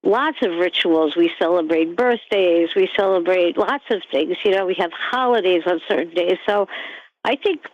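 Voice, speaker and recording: A woman's voice: lowish voice, normal speed, no echo. A woman calling into a talk show by phone, chatty and a little hesitant as she talks. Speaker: caller. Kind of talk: casual phone-in conversation. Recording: dull phone line.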